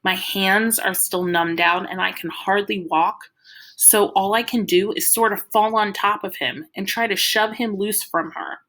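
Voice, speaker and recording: A woman reading a novel aloud to her listeners. Her reading is dramatic, and at tense moments she drops into a hushed whisper. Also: mid-range voice, a little slow. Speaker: reader.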